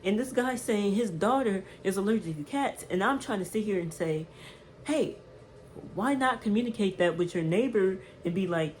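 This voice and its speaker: A woman vlogger telling a casual storytime, animated and emphatic, with slang and repeated words. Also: mid-range voice, moderate pace, slight background noise, rough recording.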